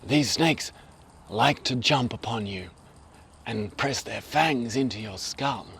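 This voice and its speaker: A man putting on a hushed, dramatic nature documentary narrator voice as a whispered role-play, speaking slowly and quietly. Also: medium pitch, creaky, a little hiss or hum, pitched below the performer's own voice.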